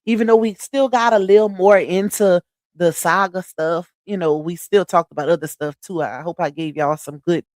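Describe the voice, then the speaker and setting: A woman's voice: lowish voice, moderate pace, dry recording. Slangy woman live-streaming, dry close sound. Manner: animated, preachy, slangy and familiar with viewers. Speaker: livestream host. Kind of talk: casual live-stream chat.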